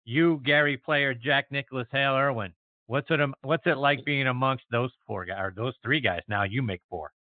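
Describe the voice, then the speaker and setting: A man's voice: medium pitch, normal speed, no echo. A male host asking conversational, leading interview questions. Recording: tinny phone line, dry.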